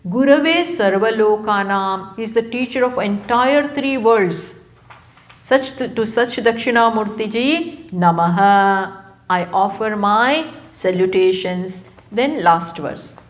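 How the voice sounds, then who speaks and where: A spiritual teacher with an Indian English accent and a slightly high voice delivers a live scripture lecture at a talk venue. She speaks unhurriedly and repeats key phrases for emphasis.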